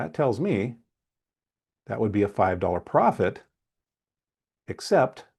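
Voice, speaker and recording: Male trading coach for a webcast lesson, animated delivery, mellow tone. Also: mid-range voice. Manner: lively, talks to viewers directly, asks and answers questions.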